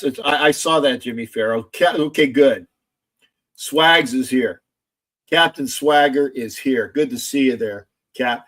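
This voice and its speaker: Loud gloating man hosting a sports livestream. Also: fairly high pitch. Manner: loud, gloating, profane, repetitive. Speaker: livestream host. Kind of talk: casual sports livestream chat.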